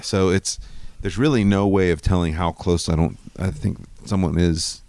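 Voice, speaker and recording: A man's voice: low-pitched, steady tone, normal speed, a little mellow, dry recording. A man co-hosting a podcast from a bedroom at home, explaining things patiently and thinking aloud in casual chat. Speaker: podcast co-host.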